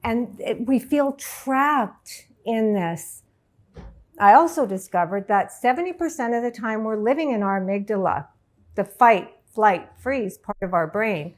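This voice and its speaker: A middle-aged woman, a life coach, telling a personal story to an audience in an emotional, halting way. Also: a little high, expressive. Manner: emotional, halting, tearful at times.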